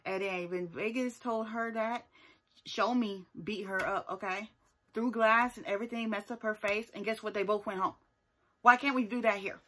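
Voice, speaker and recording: A woman talking straight to her audience in a casual vlog, recapping a reality show with plenty of sass. She presses her opinions hard and tags many of them with a pointed "okay?". Her voice sits at an ordinary middle pitch. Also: steady tone, normal speed, fairly bright tone. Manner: sassy and emphatic, often tags points with "okay?". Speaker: TV show reviewer.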